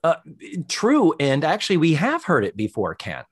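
Animated man recapping with lively inflection. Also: fairly high pitch, husky, no room sound, studio quality. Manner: animated, acts out characters' lines in quick voices. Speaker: podcast co-host. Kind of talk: casual chat recapping a sitcom episode.

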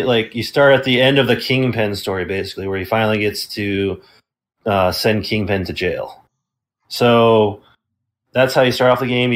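A man co-hosting a casual game review podcast, recapping the story hesitantly with many ums and uhs. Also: fairly low pitch. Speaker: podcast co-host.

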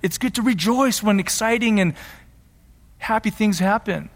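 A man's voice: high voice, moderate pace, big-room sound. A man preaching a sermon as pastor, emphatic and repeating his key phrases.

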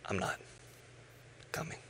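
A man preaching a sermon, telling stories with animated voices and sometimes dropping to a hush. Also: slow, slight background noise. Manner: animated storytelling, acting out voices, dropping to hushed tones. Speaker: pastor.

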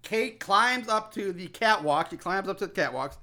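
A man's voice: sits high, expressive, normal speed, bright, forceful tone. A man co-hosting a casual podcast, recapping a film plot in a rambling, profane way with lots of restarts. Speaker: podcast co-host.

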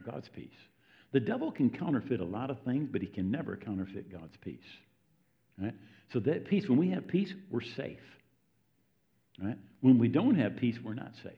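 A man's voice: mid-range voice, sing-song, normal speed. Guy preaching, tells stories, voice swoops up and down a lot, keeps asking right?. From United States. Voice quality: conversational storytelling, often checks in with "right?". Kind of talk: sermon. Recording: dull lo-fi recording.

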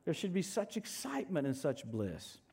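A male pastor preaching a sermon in an animated, joking way, swinging from loud outbursts to soft asides. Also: on the high side, normal speed, creaky, breathy edge.

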